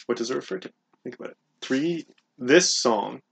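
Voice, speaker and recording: A man's voice: medium pitch, animated, normal speed, vocal fry, breathy edge. A man co-hosting a casual podcast, leading the recap and teasing his co-host dryly. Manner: dry, teasing, leads the recap. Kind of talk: casual chat.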